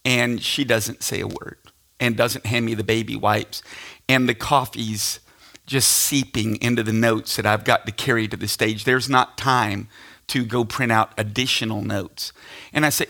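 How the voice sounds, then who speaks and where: Middle-aged man, pastor, sermon storytelling, bright forceful voice, self-deprecating, laughs at himself. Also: mid-range voice, steady tone, a little slow, creaky.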